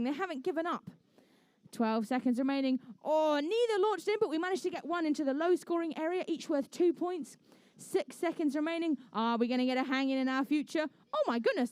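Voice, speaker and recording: A young English woman calls the action as referee, her voice pitched high and bright above most women's. She keeps up a playful, joking patter, and the sound is close and dry, with no room echo. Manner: playful, chatty, jokey asides. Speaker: referee and match commentator. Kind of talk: live event commentary. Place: indoor competition venue.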